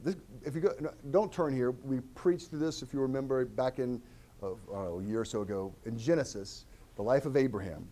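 A man preaching a sermon, animated and earnest, often repeating words as he restarts his phrases. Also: mid-range voice, a little fast. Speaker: pastor.

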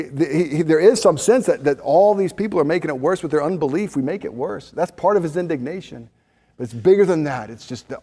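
A man's voice: a little high, creaky, darkish tone, in a large hall. A man preaching a sermon to his congregation, earnest, often repeating words as he presses a point. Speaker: pastor.

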